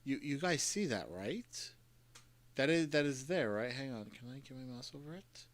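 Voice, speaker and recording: A man casually commenting as he plays a game on stream, often exclaiming loudly when things go wrong. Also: mid-range voice, moderate pace. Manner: excitable, reacts loudly with shouts and gasps.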